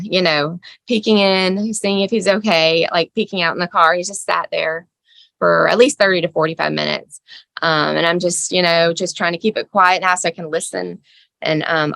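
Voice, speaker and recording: A middle-aged woman telling the story of her son's crisis as a mother, shaken and halting, with many fillers. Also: lowish voice, creaky, a bit bright, no room sound. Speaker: mother of a teen son. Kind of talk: emotional personal account.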